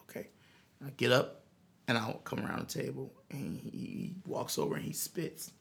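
Earnest gravelly man telling a story. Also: medium pitch, moderate pace. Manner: earnest, animated storyteller with many restarts. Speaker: musician guest. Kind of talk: storytelling interview.

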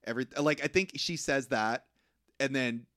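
A man's voice: medium pitch, normal speed, a bit bright, no echo, studio quality. A man co-hosting a podcast, casually recapping a film in a rambling way and acting out the characters' lines. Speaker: podcast co-host. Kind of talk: casual movie recap chat.

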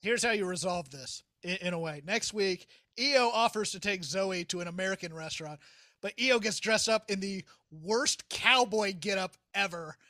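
Animated, laughing man, bright voice. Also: sits high, normal speed, dry recording, clean studio sound. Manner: animated, laughs often, acts out quotes. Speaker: podcast co-host. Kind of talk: casual comedic discussion.

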